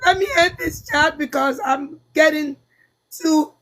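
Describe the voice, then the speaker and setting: A woman's voice: sits high, fairly even intonation, a little slow, a bit bright. A middle-aged woman hosting a talk show, pleading with impassioned, tearful intensity and mixing Yoruba and English. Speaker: host. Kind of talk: emotional talk-show chat.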